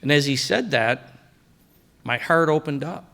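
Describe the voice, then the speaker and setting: A middle-aged man giving a personal faith testimony at a breakfast event, telling his story and dropping quiet for quoted lines. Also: a little high, animated, a little slow, creaky. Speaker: guest speaker sharing testimony. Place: banquet hall at a breakfast event.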